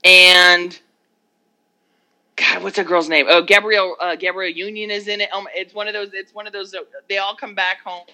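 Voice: medium pitch, little pitch movement, moderate pace, sharp tone. A podcast co-host in casual chat, swearing freely and trailing off mid-thought.

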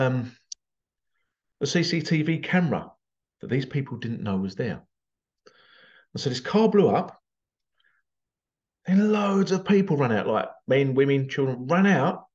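A gravelly-voiced man talks to camera in a rambling, animated monologue, his pitch rising and falling widely. He piles on sarcastic rhetorical questions. The recording sounds dull and lo-fi. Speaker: vlogger.

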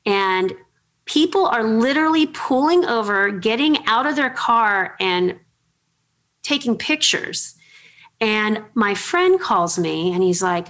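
A middle-aged woman hosting an interview, telling chatty, animated anecdotes with many fillers. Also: medium pitch, takes it slowly. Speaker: podcast host. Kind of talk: casual storytelling interview.

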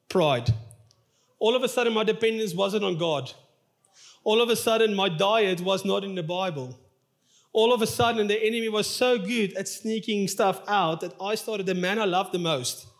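In a church, a male pastor with a high voice preaches a sermon, sharing a personal story in an open, emotional, confessional way.

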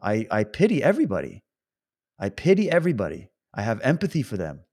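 A man talks straight to his viewers in an impassioned, animated monologue. He laughs often and moves between mocking and grave tones. His voice sits at an ordinary middle pitch for a man. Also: quick pace. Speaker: protest supporter addressing viewers.

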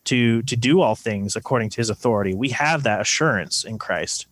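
A man's voice: mid-range voice, lively intonation, brisk, fairly bright tone, dry recording. A man co-hosting a podcast, earnestly explaining scripture with math analogies in casual discussion. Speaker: podcast co-host.

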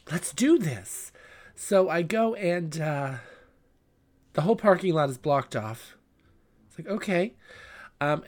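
Chatty, foul-mouthed man with a higher voice. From Southern California. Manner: chatty, gossipy and profane, with many fillers. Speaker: podcast host. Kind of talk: casual storytelling monologue.

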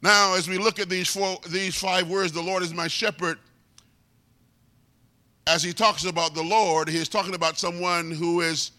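A man preaching a sermon, building from measured teaching to shouted crescendos. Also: high voice, fairly even intonation.

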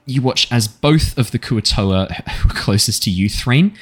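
A man narrating as dungeon master in a tabletop game, talking casually with lots of fillers and quick laughs. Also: on the low side, wildly swooping pitch, gravelly. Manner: casual, many fillers, laughs at his own jokes.

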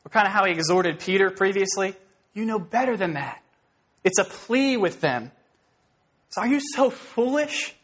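A man preaching an expository sermon in a conversational, animated way, rising into emphatic bursts. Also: a little high. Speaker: pastor.

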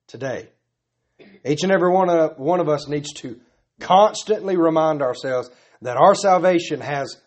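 Male pastor, earnest repetitive sermon delivery, slightly high pitch. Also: muffled recording. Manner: earnest, pleading, repetitive emphasis.

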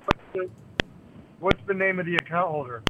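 A man's voice: high-pitched, normal speed. A man on the phone, stammering and pressing insistent questions. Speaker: prank-call target. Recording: muffled phone line with faint noise.

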